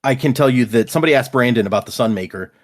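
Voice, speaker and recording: Co-hosting a laid-back podcast about books, a man with a mid-range voice talks rapid-fire, animatedly retelling scenes and paraphrasing what the characters say.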